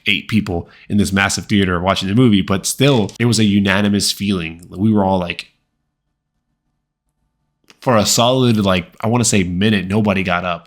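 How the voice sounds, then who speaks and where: Casual male film reviewer, very low voice, chatty and loose, lots of "like"s and restarts. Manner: conversational, many fillers and repeated words; acts out quoted lines. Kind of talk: casual movie review vlog.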